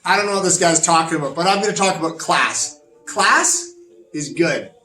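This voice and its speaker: A man's voice: on the high side, animated, moderate pace, bright, forceful tone, distant mic. A man playing a pompous, boastful fascist in a comedic lesson skit, lecturing with smug self-importance. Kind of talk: comedic educational role-play. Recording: roomy echo, off-mic, faint music.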